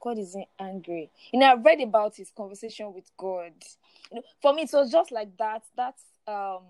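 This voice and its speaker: A woman's voice: fairly high pitch, lively intonation, a little fast, darkish tone, no room sound. A woman in her forties sharing her personal testimony as a guest, often laughing through it and repeating words as she goes. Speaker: guest speaker.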